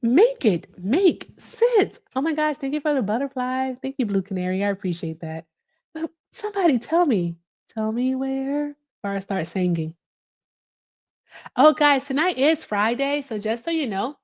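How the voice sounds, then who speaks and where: Woman live-streamer, casual and chatty, slightly high pitch, reacts to viewer comments. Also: animated, normal speed. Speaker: livestream host. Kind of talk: casual livestream chat.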